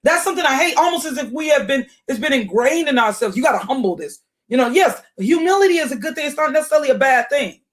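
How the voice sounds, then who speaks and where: A woman's voice: high-pitched, lively intonation, quick pace, few pauses. A woman hosting a casual commentary video, thinking aloud with many restarts and fillers, and at times reading a passage aloud. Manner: reads aloud from a search result on screen. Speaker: commentary channel host.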